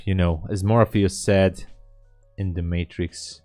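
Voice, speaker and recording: Soft music plays behind a man whose low-pitched, warm voice moves slowly and fairly evenly. He streams his day trades live, muttering jokes and thoughts to himself, sighing and filling gaps with fillers.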